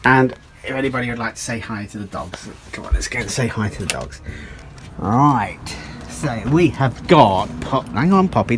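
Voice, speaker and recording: A man's voice: medium pitch, expressive, moderate pace, over music. A man vlogging casually on a narrowboat, rambling and jokey with lots of fillers. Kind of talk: casual vlog chat.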